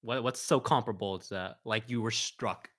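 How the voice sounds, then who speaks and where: A man's voice: fairly low pitch, normal speed, a bit bright. A young man, a guest on a podcast, chatting casually and throwing in playful quips. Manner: laid-back listener with playful quips. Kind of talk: casual chat.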